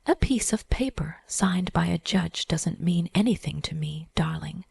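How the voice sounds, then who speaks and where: A woman voicing a cruel, smug wealthy ex-husband in a low, smooth, taunting whisper, as whispered role-play. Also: animated, a little slow, a little mellow, no echo, clean studio sound, exaggerated voice. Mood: cold menace.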